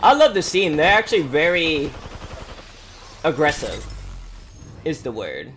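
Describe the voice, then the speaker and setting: A man's voice: on the high side, unhurried, a little hiss or hum. A man giving live commentary over his own gameplay, taunting opponents and talking to himself as he plays. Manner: animated, taunts enemies, talks to himself. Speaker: gaming streamer.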